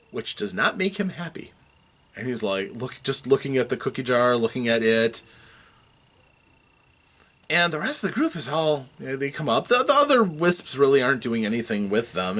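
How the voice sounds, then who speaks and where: A man serving as dungeon master, casually recapping a tabletop game session, telling it with animated chuckles and restarts. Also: medium pitch.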